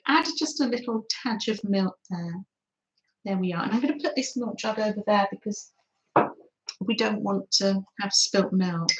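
An older woman hosting a gentle live craft stream, chatting softly with her viewers and often apologising. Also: mid-range voice, roomy sound, rough recording. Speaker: craft channel host.

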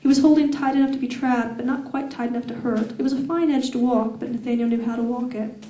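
A woman's voice: a little high, fairly even intonation, dark tone, recorded from a distance, slight background noise. Woman reading fiction aloud in an echoey room. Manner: slow, deliberate, sensual reading. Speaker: author reading her novel. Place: fan event room. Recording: echoey room heard from afar.

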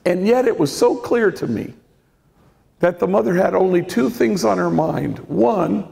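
An older man in his sixties, a priest giving a reflective storytelling talk on faith, with a gentle manner and a gravelly voice. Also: sits high, animated, unhurried. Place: large lecture hall. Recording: reverberant hall.

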